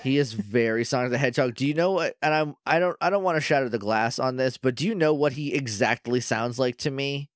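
A man co-hosting a casual podcast, recapping a show with quick, animated impressions of the characters. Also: medium pitch, no room sound, studio quality. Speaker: podcast co-host.

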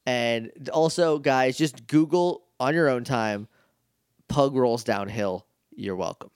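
A man co-hosting a podcast, retelling an episode in casual chat and jumping into quick voices for the characters. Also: medium pitch, clean tone, no room sound, studio quality. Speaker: podcast co-host.

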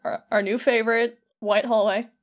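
A woman co-hosting a podcast, recapping a video game in lively casual storytelling full of "like". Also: on the high side, normal speed, highs cut off. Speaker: podcast co-host.

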